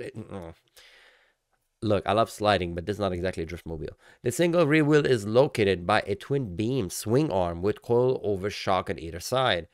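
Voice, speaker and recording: A man reacting and ranting excitedly in a casual car vlog. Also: fairly low pitch, dry recording, clean studio sound. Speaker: car vlogger.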